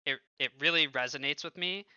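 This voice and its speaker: Bright-voiced young man telling stories. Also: a little high, brisk, clear, resonant tone, no echo. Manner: animated storytelling, heavy use of filler like and swearing. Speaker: streamer and former pro gamer. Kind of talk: casual stream commentary. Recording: dull lo-fi, dry close sound.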